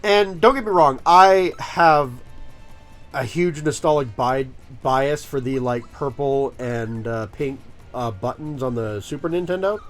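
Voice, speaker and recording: A man's voice: mid-range voice, measured pace, a bit bright, soft background music. A man chatting casually while playing a video game, rambling with plenty of likes and uhs. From United States. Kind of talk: let's-play commentary.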